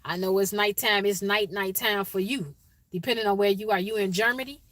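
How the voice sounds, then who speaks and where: Woman, chicago accent, livestream host, bright forceful voice, dry close sound. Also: medium pitch, steady tone, fairly quick, dry recording. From Chicago, USA. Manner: chatty, greets viewers by name, says y'all. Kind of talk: casual livestream chat.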